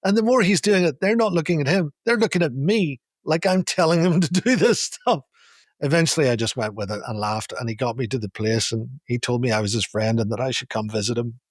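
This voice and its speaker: A man co-hosting a podcast, telling an animated taxi story with laughs, in a casual chat. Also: medium pitch, fairly quick, dry recording, clean studio sound. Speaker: podcast co-host.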